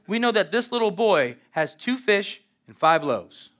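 A male pastor preaching an animated, conversational sermon in a church, acting out quotes from scripture. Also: high voice, measured pace. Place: church in Las Vegas.

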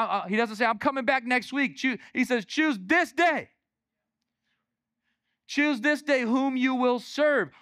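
A male pastor preaching a lively sermon in church, calling out to the congregation. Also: very high-pitched, dry recording, studio quality. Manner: energetic, calls out to the congregation.

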